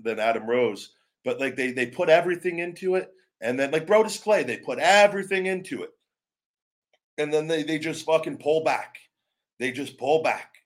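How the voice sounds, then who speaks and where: A man hosting a live wrestling show, berating online trolls with heavy swearing, then talking things over in a looser, rambling way. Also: fairly high pitch. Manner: profane, aggressive, berating trolls; calmer, rambling with restarts. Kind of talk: live stream rant and commentary.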